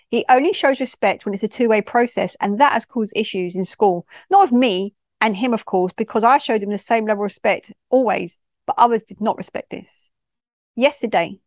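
A woman's voice: fairly high pitch, no room sound, studio quality. Heartfelt woman telling a story. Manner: heartfelt, expressive, slangy storytelling. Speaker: school mentor. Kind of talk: personal storytelling.

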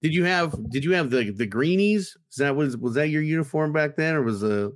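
A man's voice: on the high side, animated, a little fast. A man hosting a podcast, upbeat and casual, swearing freely as he asks questions. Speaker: podcast host. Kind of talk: casual chat.

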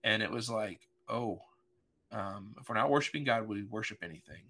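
A man's voice: on the low side, lively intonation, normal speed, pushed and bright. A middle-aged man, a pastor, telling a personal story in an earnest, emotional way during a podcast conversation. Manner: earnest, emotional, vivid retelling with voiced quotes.

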